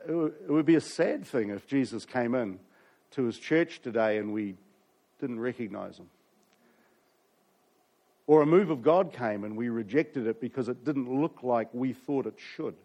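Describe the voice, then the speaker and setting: A man's voice: mid-range voice, lively intonation, normal speed, warm tone. A pastor, preaching a sermon and telling a story with asides to his congregation.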